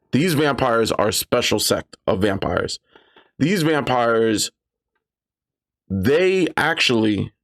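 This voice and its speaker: Gravelly man giving game master advice. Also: mid-range voice. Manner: animated, acts out players and GM in quoted asides. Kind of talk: casual advice talk.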